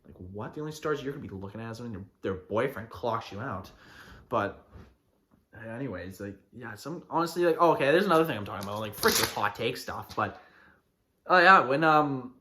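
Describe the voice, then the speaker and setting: A man's voice: medium pitch, expressive, fairly quick, bright, forceful tone, slight background noise. A man hosting a podcast, ranting and mocking in a casual, fired-up monologue. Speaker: podcast host.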